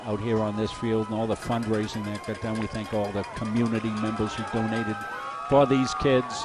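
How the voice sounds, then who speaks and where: A man doing color commentary on a live high school football game, explaining strategy in a folksy, coaching-minded way.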